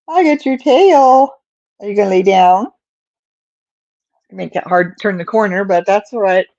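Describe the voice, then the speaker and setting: On her laid-back crochet livestream, the host rambles in asides and coos to her cat in baby talk. She has a mid-range, slightly mellow voice, captured on a slightly dull recording.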